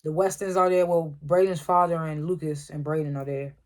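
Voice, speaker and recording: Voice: medium pitch, flat delivery, brisk, a little mellow. Casual, laughing TV recap chatter. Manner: chatty slangy retelling, laughs often. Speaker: TV show reviewer.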